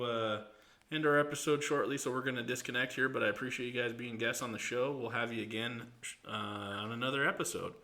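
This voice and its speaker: A man's voice: mid-range voice, sharp tone, slight background noise. A man hosting a casual podcast, chatting and telling rambling stories with easy laughter. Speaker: podcast host. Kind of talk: casual chat.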